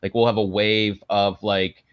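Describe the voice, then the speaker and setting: A man's voice: flat delivery, measured pace, clean tone, no echo. A man hosting his video channel, chatting casually and rambling with lots of fillers. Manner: rambling, filler-heavy, jokey. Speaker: channel host. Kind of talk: casual chat on a video stream. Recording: dull, dry low-fidelity audio.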